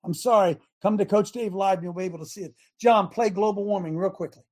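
Male host, fiery sermon-style monologue, shouts for emphasis. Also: sits high, fairly even intonation, fast talker. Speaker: talk show host. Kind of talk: preaching talk show monologue.

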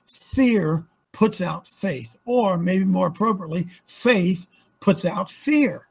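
Male host preaching, high and raspy, emphatic, swings from loud to hushed. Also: lively intonation, slow. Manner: emphatic, rhetorical questions, swings loud to soft. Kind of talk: preaching on a talk show.

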